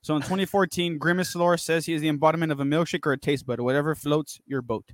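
A man's voice: on the high side, fairly even intonation, quick pace, dry recording, clean studio sound. A man co-hosting a casual sports podcast, slangy and full of wisecracks. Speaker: podcast co-host. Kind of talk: casual chat.

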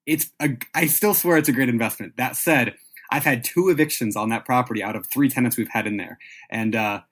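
Husky-voiced podcast host. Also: male voice, mid-range voice, brisk, a bit bright. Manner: rambling, self-interrupting, laughs often. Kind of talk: casual podcast chat.

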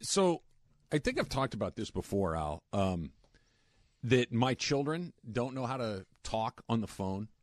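A man's voice: medium pitch, very animated, a little slow, no echo, studio quality. A man in his forties hosting a radio show, chatting casually and often repeating words as he thinks. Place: radio studio. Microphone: studio mic.

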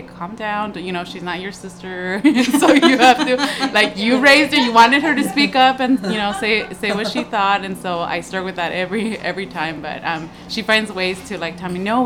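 A woman's voice: mid-range voice, background noise. A woman, a mother, talking reflectively and laughing often as she acts out quotes. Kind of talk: casual group chat.

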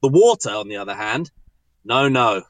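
A man's voice: mid-range voice, sing-song, moderate pace, no echo. A man in his twenties with a southern English accent, a guest chatting casually on a podcast with cheeky, joking asides. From southern England. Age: 20s.

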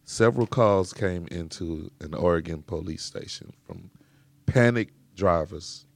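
A man's voice: low voice, a little slow, gravelly, a little hiss or hum. A man hosting a casual chat, who reacts expressively and swears casually as he tells a story.

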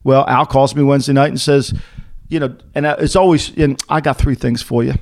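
A middle-aged man co-hosting a casual sports talk show, telling lively anecdotes and acting out the people in them. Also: mid-range voice, fairly quick, vocal fry. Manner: animated anecdote-teller, acting out quoted voices. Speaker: podcast co-host, former NFL executive. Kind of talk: casual storytelling chat.

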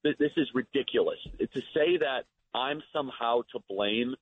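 A man's voice: mid-range voice, normal speed, a little hiss or hum. A man, a guest on a radio show, arguing his points earnestly over the phone. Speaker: guest, activist. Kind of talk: radio interview. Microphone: phone line. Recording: tinny phone line.

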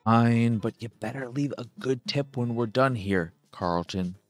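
A man's voice: mid-range voice, a little slow, soft background music, lightly acted. A man putting on an exasperated young inventor woman.

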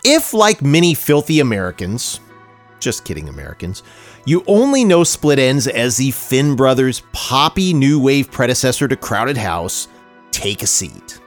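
Male co-host, expressive pitch, wry scripted album reviews, light music bed. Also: a little slow. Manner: dry joking, reads prepared reviews. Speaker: podcast co-host. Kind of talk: casual music podcast chat.

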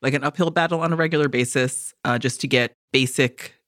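A woman's voice: extremely low pitch, brisk, fairly bright tone, no room sound, studio quality. A woman co-hosting a podcast in casual chat, laughing easily and swearing freely. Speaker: podcast co-host.

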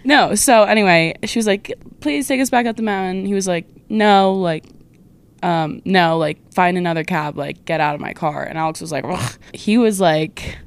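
A woman's voice: on the low side, moderate pace, smooth. Young woman correcting her sister's story. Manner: corrects the story, dry retelling. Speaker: podcast guest, host's sister. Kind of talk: casual chat.

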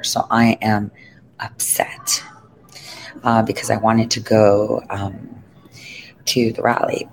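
A man's voice: mid-range voice, creaky, slight background noise, poor audio. A man giving a rambling, profane vlog update from an airport lounge, talking into a phone strapped to his arm.

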